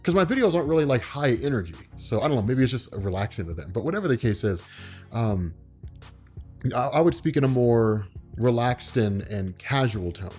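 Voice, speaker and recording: A man vlogging in a relaxed, unhurried way, with a voice that carries and commands attention, spoken from the diaphragm. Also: mid-range voice, faint music behind. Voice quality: carrying, commanding voice. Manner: calm, laid-back, unhurried; speaks from the diaphragm. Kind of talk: relaxed talk to camera.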